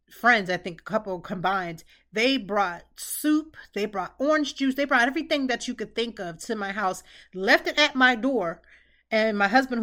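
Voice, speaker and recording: A woman's voice: medium pitch, a bit bright. A middle-aged woman hosting a podcast, giving casual advice in an earnest way and repeating phrases for emphasis. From Pennsylvania, United States. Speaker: podcast host.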